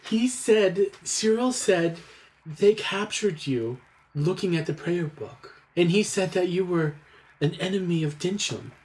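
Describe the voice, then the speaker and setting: A man's voice: high-pitched, measured pace, pitched above the performer's own voice. A man doing a jittery, secretive young maid. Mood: nervous. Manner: hesitant, stammering, hushed. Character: nervous secretive young female servant.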